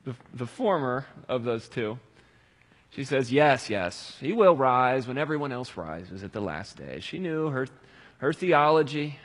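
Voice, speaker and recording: A man with a husky, slightly breathy voice delivers a sermon, rising to loud pleading cries and sinking to hushed, reflective passages. His words ring out with a long reverb, as in a large hall. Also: medium pitch, expressive, a little slow. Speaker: pastor.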